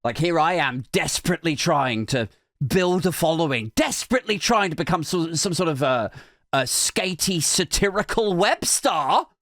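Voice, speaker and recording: A man hosting a podcast, riffing sarcastically in a rambling comedy monologue that swings from mock outrage to low muttering. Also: animated, normal speed, fairly bright tone, no echo, clean studio sound. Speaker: podcast host.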